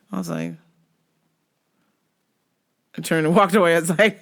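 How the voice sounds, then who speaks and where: A woman hosting a podcast who tells stories in a profane, animated way, laughing often and acting out other people's lines. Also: lowish voice, normal speed, gravelly, pauses often. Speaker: podcast host. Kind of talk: comedic storytelling.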